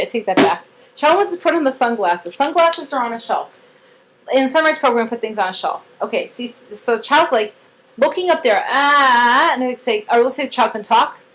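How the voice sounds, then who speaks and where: The low-quality recording, with slight background noise, captures a woman trainer of fairly high pitch explaining a therapy method informally. She animatedly acts out quotes, leans heavily on "like," and lets out cheerful voiced praise.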